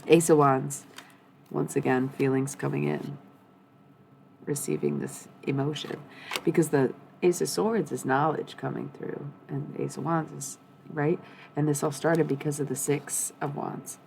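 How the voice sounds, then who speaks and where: Young woman, blunt and profane tarot streamer; low, gravelly voice. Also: fairly even intonation, measured pace, darkish tone, a little hiss or hum, low-quality recording. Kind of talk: live-streamed tarot reading.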